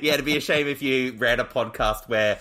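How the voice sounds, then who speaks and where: A man's voice: medium pitch, brisk, bright, forceful tone, slight background noise. A man co-hosting a podcast, chatting casually with sarcastic, joking remarks. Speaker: podcast co-host.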